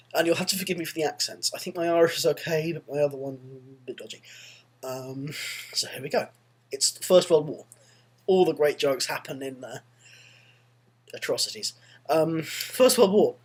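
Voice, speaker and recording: A man's voice: a little high, moderate pace, long pauses, breathy edge. A young male student rambling through a casual video diary, self-deprecating and prone to tangents. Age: young adult. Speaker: university student vlogger.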